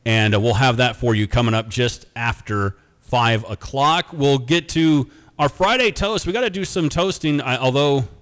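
A male sports radio host talking casually in a studio. He jokes with his co-host and reads listener texts aloud. His voice sits at an everyday middle pitch. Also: normal speed, few pauses, fairly bright tone, long reverb tail.

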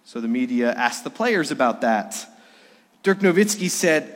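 A middle-aged male pastor preaching a sermon, swinging between emphatic raised passages and soft, hushed lows. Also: lively intonation, measured pace. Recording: long hall reverb.

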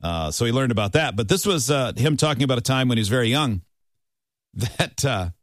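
A man's voice: medium pitch, expressive, fairly quick, no echo. A man hosting a radio show, chatting conversationally through a news segment. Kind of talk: morning radio show chat.

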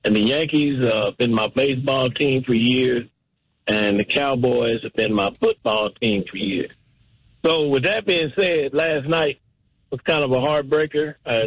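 A man's voice: mid-range voice, no echo, poor audio. A man from the Texas Panhandle, calling in to a sports radio show and chatting in a folksy, joking way. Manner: folksy, joking, drawn-out phrasing. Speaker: caller. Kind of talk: radio call-in chat.

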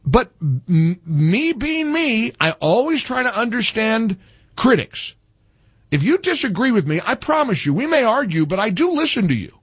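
A man hosting a political commentary show, delivering an opinionated monologue in a sarcastic, indignant manner with animated emphasis. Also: a little high, moderate pace, slightly rough, no room sound.

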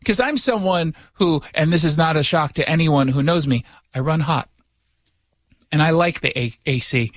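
A man's voice: fairly high pitch, moderate pace, no room sound. A man hosting a radio talk show from his studio, talking casually with sarcastic, joking asides.

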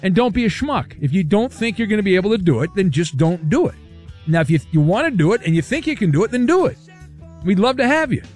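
A man with a fairly high voice hosts a radio show with brisk, jokey energy and reads out listener messages. Faint music plays under his talk. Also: big pitch swings, a little mellow. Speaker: sports radio host.

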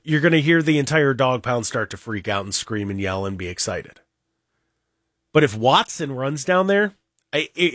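A man with a slightly high voice hosts a sports talk radio show in a dry studio sound. He rambles in an animated, opinionated way and mocks the people he talks about. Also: no room sound. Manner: animated, rambling, mocking, with mimicked crowd voices. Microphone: studio microphone.

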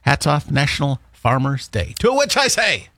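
A man's voice: medium pitch, very animated, moderate pace, pushed and bright, no room sound, studio quality. A man hosting a radio show, chatting casually in a jokey, rambling way. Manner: jokey, rambling, acts out quotes. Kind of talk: casual morning show chat.

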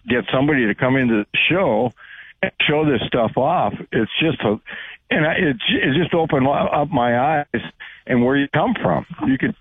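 Rambling male caller on a phone line. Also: medium pitch. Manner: rambling, chatty storyteller. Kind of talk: phone-in call.

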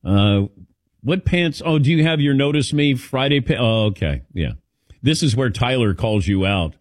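A man's voice: mid-range voice, normal speed, dry recording, clean studio sound. A man hosting a sports talk radio show, chatting casually and rambling with lots of fillers. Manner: lively, rambling with many fillers. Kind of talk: casual radio chat taking calls.

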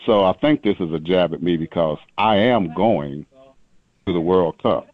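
A man's voice: low voice, normal speed, no room sound, phone-quality sound. A man hosting a radio show in bantering talk, stressing the last word of each sentence.

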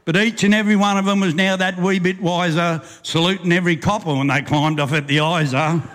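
An older Australian man, a bush poet and compere, reciting a rhyming yarn with a lively rhythm and chuckles before chatting to a live audience. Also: fairly high pitch. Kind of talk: recited rhyming bush poem, then stage banter. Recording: live stage recording with long reverb.

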